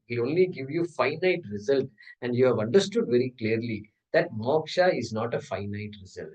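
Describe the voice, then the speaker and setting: A man's voice: mid-range voice, far from the mic, low-quality recording. A man teaching a scripture class, explaining step by step with rhetorical questions and chanting Sanskrit terms. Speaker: Vedanta teacher. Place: class hall.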